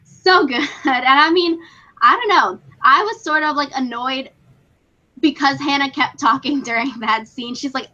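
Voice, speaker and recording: A young woman co-hosting a podcast in casual, excitable chat, full of "like" and quick laughs. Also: high-pitched, muffled recording. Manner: chatty, excitable, frequent "like" and laughs. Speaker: podcast co-host.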